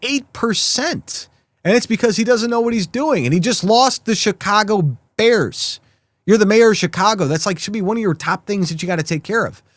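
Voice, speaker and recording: A man's voice: sits high, no echo. Sarcastic male political commentary host. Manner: sarcastic, mocking, rapid asides to viewers.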